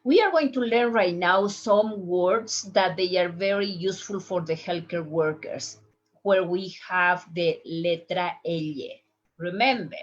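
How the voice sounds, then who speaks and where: A woman teaching Spanish to healthcare workers, saying each word slowly three times for listeners to copy. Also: lowish voice, dull audio. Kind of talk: language lesson for healthcare workers.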